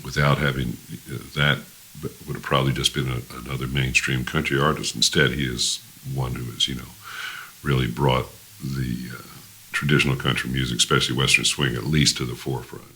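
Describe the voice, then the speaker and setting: A man's voice: rumbling low, little pitch movement, a little fast, bright, forceful tone, a little hiss or hum. An older man, a musician guest, telling rambling stories in a casual interview, with many fillers and restarts.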